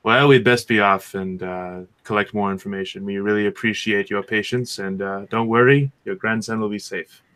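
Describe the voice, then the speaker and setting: A man voicing a scheming male adventurer in a tabletop game, persuading an old woman in a low, measured way. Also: fairly even intonation, fairly bright tone, clean tone, close to an everyday voice. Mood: persuasive. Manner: hesitant, many fillers and restarts before speaking in character. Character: smooth-talking male adventurer Nikobar, scheming.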